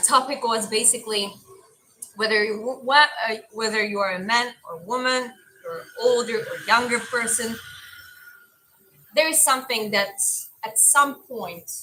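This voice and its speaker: A young woman with a mild Eastern European accent chats casually with viewers, answering their comments as she goes. Her voice is bright and clear at a middle pitch. A faint hum of noise sits behind her. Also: poor audio. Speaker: livestream host and boxing coach.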